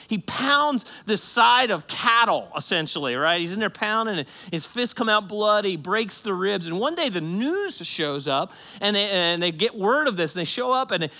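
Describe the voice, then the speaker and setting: A man preaching a sermon to a congregation in a church, retelling a story with animated, joking delivery. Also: high voice. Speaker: pastor.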